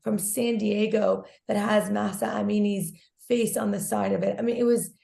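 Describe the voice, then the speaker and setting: Hoarse, gravelly woman on a video call. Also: mid-range voice, moderate pace. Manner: excited, talkative, effusive. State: hoarse from screaming at a protest. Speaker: guest activist. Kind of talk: casual interview. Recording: echoey room on a call.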